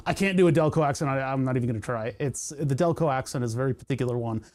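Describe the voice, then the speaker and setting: Streamer from Pennsylvania, mellow mid-pitched voice, rambling and tangential casual chat. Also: rapid-fire. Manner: rambling, tangent-prone, self-interrupting. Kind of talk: casual live-stream chat while working on a computer.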